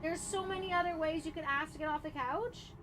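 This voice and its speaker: A woman streaming a game, chatting casually and excitably, reacting out loud and slipping into soft doting baby talk with her pet. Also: extremely high pitch, fairly quick, background noise. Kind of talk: casual live-stream chat while gaming.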